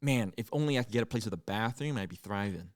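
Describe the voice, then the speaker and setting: A young man co-hosting a comedy podcast, chatting casually and telling stories. His pitch swings widely, and he acts out loud outbursts as he goes. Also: expressive, quick pace, no echo, studio quality. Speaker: podcast co-host.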